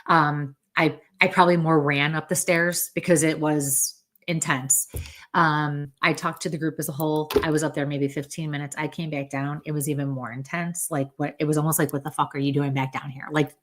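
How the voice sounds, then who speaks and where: A woman's voice: low voice, fairly bright tone. A woman, a medium and podcast guest, tells a story in a chatty way, acting out the lines people said. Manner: chatty, acts out quoted dialogue. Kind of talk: casual storytelling in a podcast interview.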